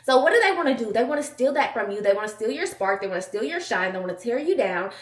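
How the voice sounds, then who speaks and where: A young woman talks to camera in a sassy, emphatic vlog chat. Her voice sits fairly high. The sound carries a roomy echo from inside a car. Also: sing-song, quick pace. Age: 20s. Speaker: vlogger.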